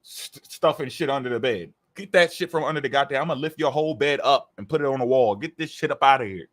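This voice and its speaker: A man's voice: mid-range voice, quick pace. A man co-hosting a casual talk show, delivering an emphatic, profane rant. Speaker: podcast co-host. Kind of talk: casual group talk, ranting.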